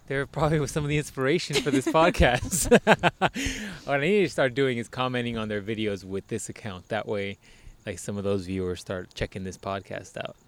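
A man's voice: medium pitch, lively intonation, moderate pace, no echo. A man hosting a podcast in casual chat, joking around loosely and swearing often. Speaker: podcast host.

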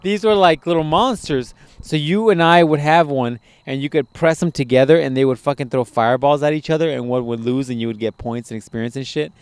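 Young man, podcast host, casual profane storytelling, smooth voice, dry sound. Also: fairly high pitch, fairly quick, no room sound. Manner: profane, animated storytelling with laughs. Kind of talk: casual chat.

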